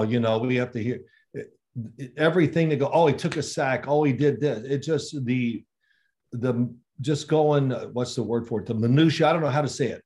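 A man in his sixties, a former quarterback, telling stories in a casual interview and acting out the exchanges he quotes. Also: medium pitch. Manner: animated storyteller, acts out quoted exchanges. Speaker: former NFL quarterback guest.

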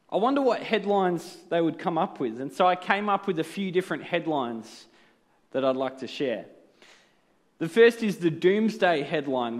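A man preaching a sermon in an earnest, explanatory way, often asking rhetorical questions. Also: a little high.

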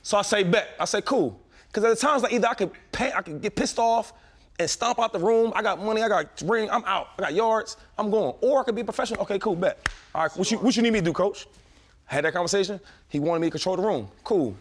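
Fast-talking man in his thirties, animated storyteller. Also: high voice. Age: 30s. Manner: animated storytelling with slang and quick restarts. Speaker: former pro football player telling stories. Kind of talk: casual podcast chat.

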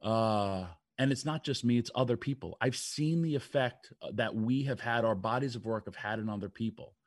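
A man's voice: medium pitch, normal speed, dry recording, studio quality. Rambling older man on talk radio. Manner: rambling storyteller, lots of fillers. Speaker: wrestling radio co-host.

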